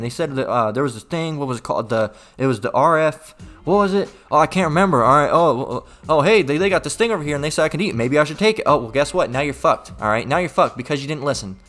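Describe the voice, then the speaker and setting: A man's voice: fairly high pitch, animated, quick pace, a bit bright. A man giving an informal sermon, blunt and profane, reading scripture and tagging nearly every point with "all right?". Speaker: street preacher.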